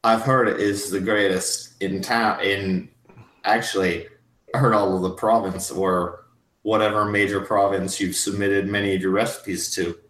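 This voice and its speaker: Brief: a man doing a swaggering, boastful war hero, mid-pitched, tabletop game, echoey room. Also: flat delivery, a little slow, fairly bright tone. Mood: jovial. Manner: boastful and belligerent. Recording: roomy echo.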